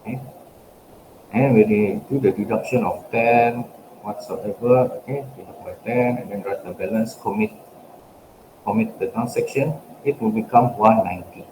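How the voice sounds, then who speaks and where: A man's voice: lowish voice, normal speed. A man giving a recorded lecture, stepping through a worked example and checking in with "okay" after nearly every phrase. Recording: echoey room with steady background noise.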